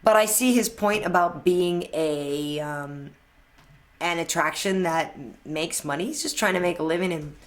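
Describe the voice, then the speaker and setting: Chatty woman host, slightly low voice. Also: measured pace. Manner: chatty and upbeat, laughs often, trails off with fillers. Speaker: host of a live fan chat. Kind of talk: casual live chat, answering viewer questions.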